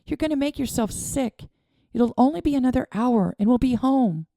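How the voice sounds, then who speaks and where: A woman voicing a firm yet gentle woman who tries to calm a crying boy in a wagon. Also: high voice, normal speed, no room sound, studio quality, pitched above the performer's own voice. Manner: firm, motherly.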